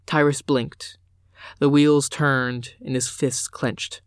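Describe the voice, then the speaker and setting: A man narrating a dark fantasy audiobook in a measured, unhurried manner. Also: medium pitch, level tone, clean tone, dry recording, clean studio sound.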